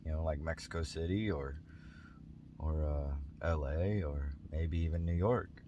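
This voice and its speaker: A man's voice: rumbling low, unhurried, dull audio, noisy background. A man doing an eager, persuasive businessman. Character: eager American businessman giving advice.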